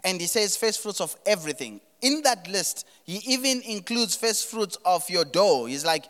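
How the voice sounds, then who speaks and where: Bright-voiced preaching man in a hall. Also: high voice, lively intonation, moderate pace, few pauses. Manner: preaching with rising emphasis and repeated words. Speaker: pastor. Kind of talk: sermon.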